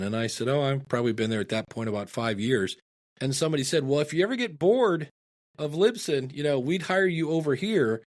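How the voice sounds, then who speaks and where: A middle-aged man from Ohio, a podcasting guest, telling stories in a casual interview and acting out the dialogue in them. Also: medium pitch. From Ohio, USA. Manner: animated storyteller, acts out quoted dialogue.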